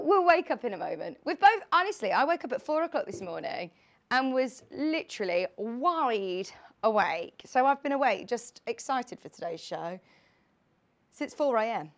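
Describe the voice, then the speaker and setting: A woman's voice: high-pitched, unhurried. Bubbly young woman presenting a shopping show. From United Kingdom. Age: late 20s. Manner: chatty, bubbly and excitable. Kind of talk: live sewing shopping show. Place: TV studio.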